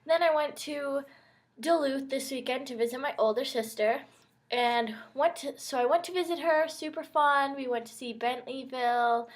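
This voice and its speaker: Young woman, high voice, from Minnesota, casual vlog storytelling, chatty, wry, quotes herself. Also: moderate pace. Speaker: vlogger.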